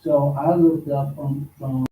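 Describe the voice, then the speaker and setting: A man teaching an informal religious study class at a mosque, talking slowly and conversationally and repeating words for emphasis. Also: on the high side, flat delivery, mellow. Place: mosque hall. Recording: echoey hall, distant mic, faint noise.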